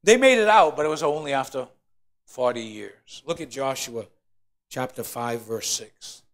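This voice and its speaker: A pastor preaching a sermon in church, swinging between quiet, low passages and loud, climbing emphasis as he acts out complaining voices. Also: animated, a little slow. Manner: preaching with rising shouted emphasis, acting out complainers. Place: church sanctuary.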